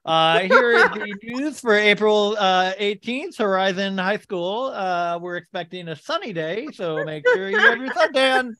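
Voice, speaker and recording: A man's voice: sits high, big pitch swings, measured pace, few pauses, pushed and bright, voice pushed up, exaggerated voice. A man voicing a pompous teenage boy reading the daily school announcements in a mock-formal way. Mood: self-important. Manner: self-important, mock-formal.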